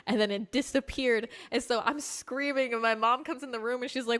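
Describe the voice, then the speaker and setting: A young woman hosting a casual livestream, telling stories in an animated, chatty way full of fillers and swearing. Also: a little high, brisk, few pauses. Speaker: livestream host.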